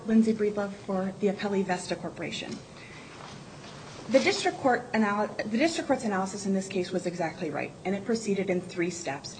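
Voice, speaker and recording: A woman's voice: mid-range voice, poor audio. A woman arguing for the appellee in an appeals courtroom, with a mid-range voice. She speaks in a poised, confident way. A faint hum of room ambience runs behind her. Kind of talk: courtroom oral argument.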